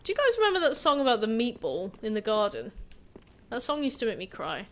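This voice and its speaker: A woman's voice: a little high, big pitch swings, brisk, slight background noise. A woman game streamer giving casual, rambling gameplay commentary and swearing now and then.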